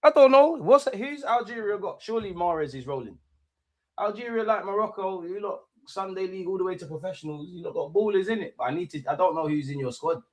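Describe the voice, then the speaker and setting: A young man hosting a live football watch-along, talking in slang, animated and prone to bursts of excitement. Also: sits high, fast.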